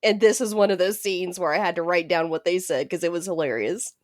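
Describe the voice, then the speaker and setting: A woman's voice: fairly low pitch, brisk, dry recording, studio quality. A woman in her thirties, a podcast co-host telling a story in casual chat, laughing often and swearing freely. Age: 30s.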